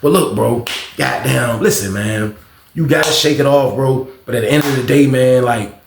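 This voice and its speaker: A man spins a story in an animated, profane, loose way, tossing in repeated exclamations. His voice sits at a middling pitch. The recording has a roomy echo around it. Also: moderate pace, gravelly, a little hiss or hum. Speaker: storytime host. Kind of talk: casual storytelling.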